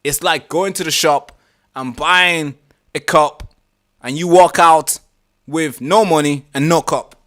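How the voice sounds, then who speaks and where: A man hosting a live reaction stream, talking casually, animated and exasperated, swearing freely. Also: on the high side, takes it slowly.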